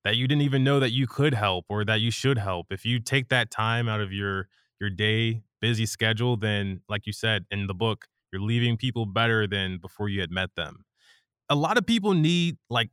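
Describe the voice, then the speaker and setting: A man's voice: fairly low pitch, fairly bright tone, smooth, dry recording, studio quality. A male host asking questions in a casual interview, enthusiastic and affirming.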